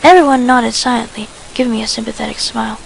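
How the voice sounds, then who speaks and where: A woman reading first-person fan fiction narration in a quiet, soft voice. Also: on the high side, fairly even intonation, quick pace, gravelly, slight background noise, rough recording.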